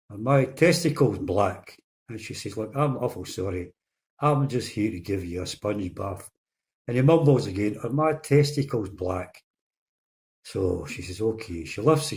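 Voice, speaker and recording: A man's voice: on the low side, darkish tone. Man rattling off pub-style jokes. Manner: chatty, rambling delivery with restarts and quick voice shifts for characters. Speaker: host telling jokes. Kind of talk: casual joke-telling.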